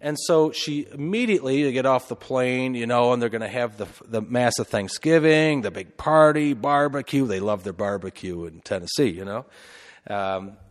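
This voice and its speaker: A man's voice: mid-range voice, normal speed. Man telling a story in a reverberant church. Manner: conversational, anecdotal, with many fillers and asides. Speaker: priest. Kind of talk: storytelling homily.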